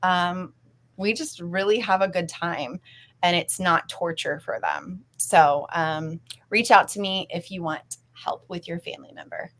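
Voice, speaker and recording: A woman's voice: lowish voice, a little slow, fairly bright tone. A woman counselor, a guest in a casual interview, talking in an upbeat way with frequent fillers.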